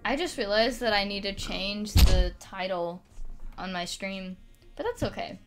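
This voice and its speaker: A woman livestreaming gameplay, reacting excitedly and swinging from low mutters to loud shrieks. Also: measured pace, background noise. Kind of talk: gameplay commentary.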